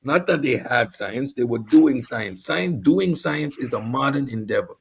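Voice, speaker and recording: A man's voice: medium pitch, animated, a little slow, vocal fry, a little hiss or hum. A man co-hosting a casual commentary talk, arguing his points emphatically. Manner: argumentative, emphatic. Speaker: co-host.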